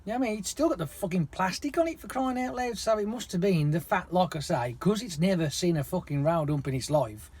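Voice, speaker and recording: A man, swearing constantly as he rants through an animated story to his vlog viewers. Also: high-pitched, fast talker, few pauses, breathy edge. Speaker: lorry driver vlogger. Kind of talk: casual rant to camera.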